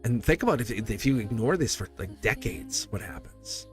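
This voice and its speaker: A man's voice: medium pitch, lively intonation, normal speed, faint music behind. A man reading tarot on a livestream, talking to his viewers in a loose, rambling way with frequent chuckles. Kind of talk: casual livestream chat.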